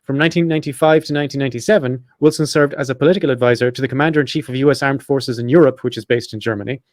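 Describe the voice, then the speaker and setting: A man hosting a podcast, reading from his notes in a casual, profane way and breaking off with quick asides. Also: medium pitch, darkish tone, no room sound, clean studio sound. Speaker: podcast host.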